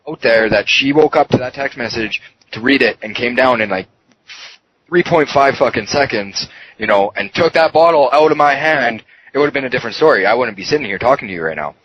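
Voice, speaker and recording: A man, a podcast guest, telling his story in a raw, emotional way, swearing often and full of fillers. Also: medium pitch. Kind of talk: candid personal interview. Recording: muffled podcast audio with faint noise.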